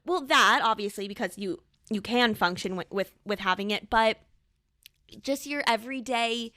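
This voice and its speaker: A woman's voice: a little high, normal speed, bright, forceful tone, no room sound, clean studio sound. A young adult woman co-hosting a podcast in easygoing, teasing casual chat. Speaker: podcast co-host.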